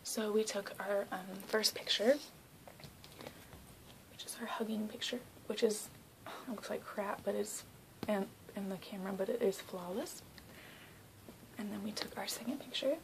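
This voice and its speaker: A woman's voice: medium pitch, a little slow, vocal fry, long pauses, noisy background. Gushing young woman from South Carolina. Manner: excitable, gushing, heavy use of "like". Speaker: vlogger. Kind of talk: casual storytelling vlog.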